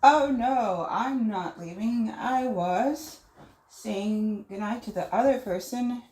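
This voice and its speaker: A woman's voice: on the high side, slow pace, a little mellow. A woman hosting a casual livestream, reading viewer messages aloud and musing on them. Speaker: livestream host. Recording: roomy echo.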